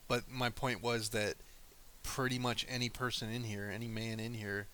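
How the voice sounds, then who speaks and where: A man chats casually and argues with his live chat, crude and joking. His voice is bright and forceful. A faint hiss runs under the recording. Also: mid-range voice, level tone, moderate pace. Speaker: streamer.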